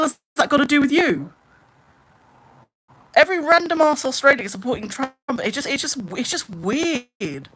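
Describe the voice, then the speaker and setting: A woman's voice: sits high, lively intonation, moderate pace, a bit bright. A young woman live streaming, chatting casually with viewers and reading out their comments in an exasperated, ranting way. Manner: ranting, exasperated, talks straight to chat.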